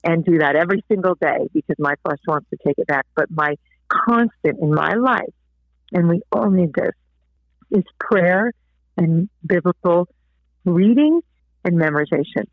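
A woman guest telling a faith story in an interview, animated, acting out the people she quotes. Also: on the low side, normal speed, no echo. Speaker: guest author. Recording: tinny phone line.

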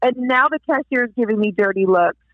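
A woman guest telling a faith story in an interview, animated, acting out the people she quotes. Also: a little high, a little fast, dry recording. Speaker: guest author. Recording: tinny phone line.

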